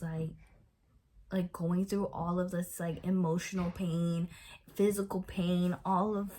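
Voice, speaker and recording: A woman's voice: fairly low pitch, a little mellow. A young woman giving a casual Bible study, talking it through loosely with many fillers and restarts.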